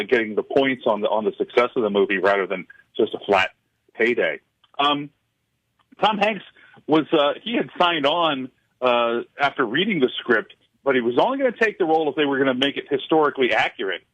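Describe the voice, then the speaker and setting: A male film professor, a guest in a radio studio, chats in a radio interview, speaking haltingly with frequent "uh" fillers and restarts. His medium-pitched voice has a fairly bright tone. The sound is dry and close with no room sound, yet a little muffled, like a radio broadcast.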